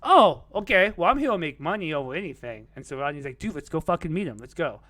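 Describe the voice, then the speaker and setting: A man's voice: fairly high pitch, animated, fast, fairly bright tone, no room sound. A young man casually telling a rambling story on a podcast. He peppers it with "like" and curse words and laughs at his own tale.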